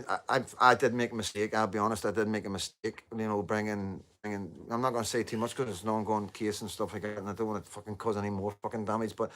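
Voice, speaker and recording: A man's voice: on the low side, a bit bright. Rambling Northern Irish man live-streaming. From Northern Ireland. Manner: rambling, repetitive fillers, occasional swearing. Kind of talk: casual live stream monologue.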